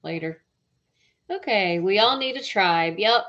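Woman hosting her live stream, chatty, mid-pitched, muffled lo-fi sound. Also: lively intonation, a little slow. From southern United States. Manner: chatty, greets viewers by name with bright bursts. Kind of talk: casual live stream chat. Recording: dull lo-fi stream audio.

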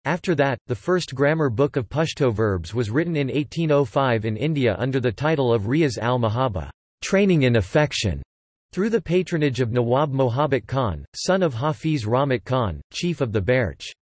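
A man's voice: mid-range voice, moderate pace, dry recording. Dry synthetic male reading voice. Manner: even, mechanical reading. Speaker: text-to-speech reader. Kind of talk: synthetic encyclopedia narration.

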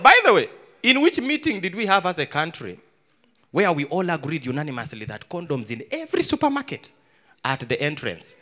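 A young adult Ugandan man doing live stand-up comedy, an animated storyteller who swings between hushed mutters and loud outbursts. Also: fairly high pitch, normal speed. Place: live comedy stage with audience.

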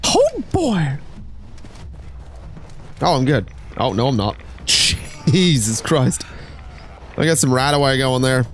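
A man's voice: mid-range voice, wildly swooping pitch, a little slow, pauses often, slight background noise. A man streaming a game, rambling and joking with chat in casual gameplay commentary.

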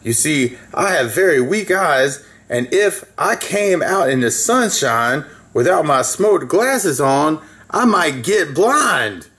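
A man's voice: on the high side, sing-song, slow pace, few pauses, fairly bright tone, heavily acted. A man voicing a sly, hungry big black bear who lures his prey with coaxing talk. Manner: coaxing and sly, then harsh.

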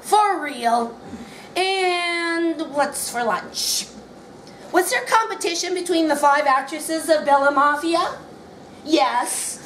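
Woman reading her book out loud at a bookshop, high voice, wry and amused, echoey room with faint background. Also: slow pace, slight background noise. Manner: wry, amused, often laughing between lines. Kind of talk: memoir reading at a live event.

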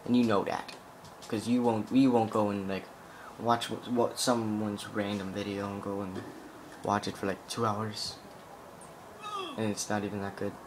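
Rambling, swearing young man, low voice. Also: flat delivery, moderate pace, pauses often, noisy background. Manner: rambling, profane, heavy on "like" fillers. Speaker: gameplay commentator. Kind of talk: casual gameplay commentary with tips.

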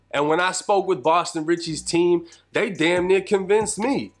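A man giving a measured, matter-of-fact scripted narration for an investigative video. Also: on the high side, faint music behind.

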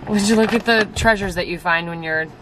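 Brisk and on the low side, this young woman's voice carries a casual vlog in which she rambles, jokes at her own expense, laughs often and swears freely. She films at home and in her car, and the recording sounds echoey with faint ambient noise.

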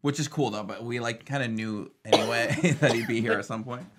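A young man co-hosting a reaction channel, chatting casually and excitedly in quick bursts. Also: mid-range voice, very noisy.

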